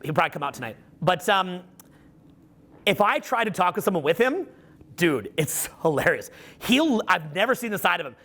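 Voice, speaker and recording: A man's voice: sits high, sing-song, moderate pace, sharp tone. A middle-aged man giving a live seminar talk as a social skills coach, telling profane stories full of acted-out quotes.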